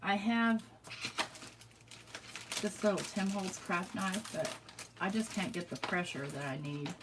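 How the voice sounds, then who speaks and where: A woman chatting casually to herself while crafting, a little hoarse as she loses her voice, muttering and self-deprecating. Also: medium pitch, measured pace, background noise. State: losing her voice. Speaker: crafting vlogger.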